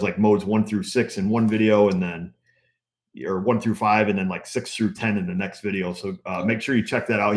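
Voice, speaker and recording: Deep-voiced middle-aged man rambling casually. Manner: rambling, relaxed, frequent fillers. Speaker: auto repair channel host. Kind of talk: casual live stream chat.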